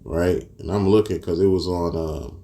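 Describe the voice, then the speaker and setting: A man with teaching scripture in a casual street style, mixing verses with profane stories and rising loud and high when outraged. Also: steady tone, moderate pace. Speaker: preacher.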